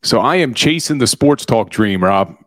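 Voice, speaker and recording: A forty-year-old man, a guest who is a podcaster and former lawyer, talks sports in a casual radio interview, telling stories energetically with a touch of self-deprecation. His medium-pitched, expressive voice has a fairly bright tone at normal speed, captured on a close, dry studio mic with no echo or room sound.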